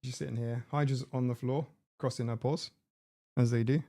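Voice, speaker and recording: A man hosts a casual live stream from a home room, chatting in a rambling way and laughing at his own jokes. His medium-pitched, warm voice keeps a steady tone at a moderate pace. Captured on a desk mic with a mixer, the sound is clean, studio-like, and free of echo.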